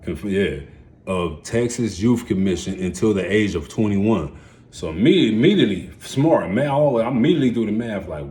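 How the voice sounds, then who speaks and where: Man, forties, low pitch, slangy rambling storyteller, mumbles then loud bursts, faint background noise. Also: expressive, fairly quick. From United States. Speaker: vlogger telling his life story. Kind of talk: casual storytelling monologue.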